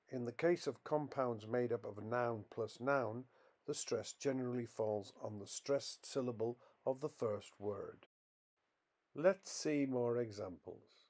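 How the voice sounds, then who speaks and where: A man narrating a scripted English pronunciation lesson, reading out example words slowly and with clear stress. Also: mid-range voice, a little mellow.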